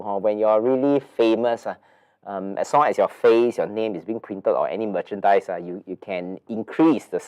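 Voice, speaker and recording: A man's voice: mid-range voice, darkish tone. Nasal Singaporean man hosting a webinar. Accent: Singaporean English. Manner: chatty and rambling, with many fillers and repeated words. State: blocked nose. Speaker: webinar host. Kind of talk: casual webinar presentation.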